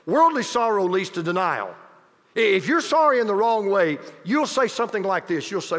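A man with a high voice delivers a sermon, his pitch swinging widely as he presses each point. He repeats key phrases for emphasis and drops into chatty asides to his listeners. The sound carries a long reverb from a large church hall. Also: very animated, moderate pace, a bit bright. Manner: emphatic and repetitive, with conversational asides to the congregation. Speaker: pastor.

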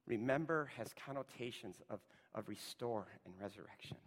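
A pastor preaching a sermon, rising to loud emphatic lines and dropping to a hushed near-whisper. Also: male voice, medium pitch, expressive, brisk, few pauses, long reverb tail.

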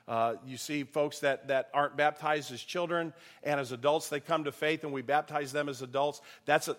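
A man's voice: a little high, a bit bright. A male pastor giving a conversational sermon, telling anecdotes and building to emphatic passages.

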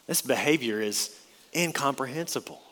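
Preacher in a reverberant church hall. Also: male voice, medium pitch, moderate pace, a bit bright. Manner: expository, emphatic, rising and falling dramatically. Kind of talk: sermon.

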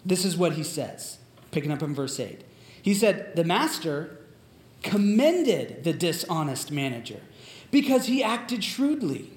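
A man's voice: fairly high pitch, big pitch swings, unhurried. A man preaching a sermon in a casual, conversational way, retelling a story with plenty of fillers. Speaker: pastor. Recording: echoey room.

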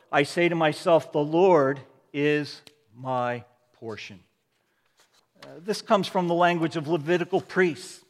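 Pastor preaching in a reverberant church. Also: male voice, fairly high pitch. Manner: preaching with repeated refrains and swells of emphasis. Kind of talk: sermon. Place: church sanctuary. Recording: long reverb of a large hall.

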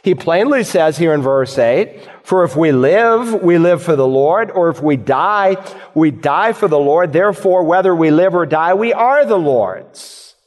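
A man delivers an earnest, emphatic sermon, reading verses aloud and pressing rhetorical questions on the congregation. His voice sits a little high for a man. A long hall reverb trails behind every phrase. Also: expressive, measured pace. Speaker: preacher.

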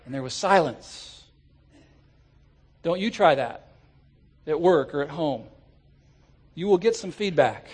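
A man preaching a sermon to his congregation, animated and rising at times to shouts. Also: a little high, slow pace, pauses often, breathy edge. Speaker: pastor. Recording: church sermon audio.

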